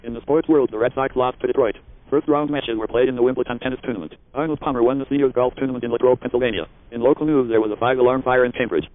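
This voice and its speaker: A synthetic male text-to-speech voice, buzzy and robotic, reading in a stiff, even machine cadence. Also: medium pitch, racing, dry recording. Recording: narrow lo-fi archival tape.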